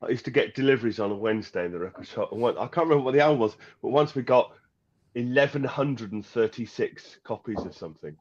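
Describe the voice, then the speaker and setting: A man's voice: mid-range voice, animated, fast talker, darkish tone, lo-fi sound. A man from the United Kingdom, a guest music expert, telling stories casually, laughing often and stumbling over his words. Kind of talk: casual storytelling.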